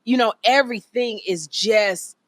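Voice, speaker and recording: A middle-aged American woman co-hosting a comedy podcast, spinning animated stories and bursting into loud, dramatic quoted voices. Her tone is bright and forward, and the sound is close and dry. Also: a little high, measured pace, dry recording. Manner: animated storyteller, acts out quotes loudly. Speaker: podcast co-host. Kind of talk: casual comedic chat.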